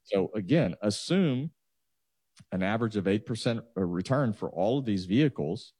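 Deep, mellow man explaining finances. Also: animated, moderate pace, slightly rough, dry recording. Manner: explanatory, walks through numbers step by step. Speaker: financial advisor. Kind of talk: explaining on a talk show.

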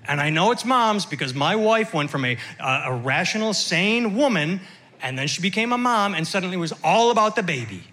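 A man's voice: high-pitched, very animated, a little fast, sharp tone. A man doing a stand-up routine, wry and complaining. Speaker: stand-up comedian.

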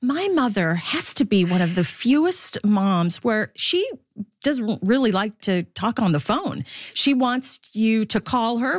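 A woman's voice: on the high side, no echo, studio quality. A middle-aged woman, a baseball broadcaster from the Philippines, talking candidly as an interview guest and laughing often.

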